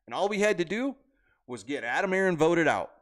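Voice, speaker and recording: A man's voice: a little high, big pitch swings, brisk, fairly bright tone. Blunt, rambling male livestream host. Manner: loose, blunt, rambling talk with chat asides. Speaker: livestream host talking stock trades. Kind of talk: casual livestream chat. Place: home room at a computer. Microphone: computer mic.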